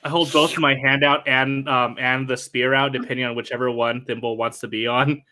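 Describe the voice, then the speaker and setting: A man's voice: mid-range voice, little pitch movement, normal speed, bright, forceful tone. A man playing a tabletop game in character, speaking politely and a little hesitantly. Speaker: player.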